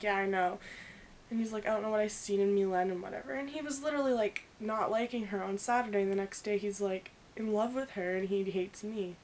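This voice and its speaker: A young woman in her early twenties telling a story in a casual vlog, rambling and animated, acting out the quoted dialogue. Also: mid-range voice, a little hiss or hum. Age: young adult. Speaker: vlogger.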